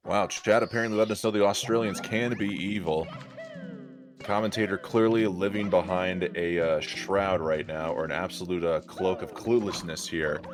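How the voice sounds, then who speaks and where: A man giving energetic, joking live play-by-play commentary on a speedrun race. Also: sits low, moderate pace. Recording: music playing behind.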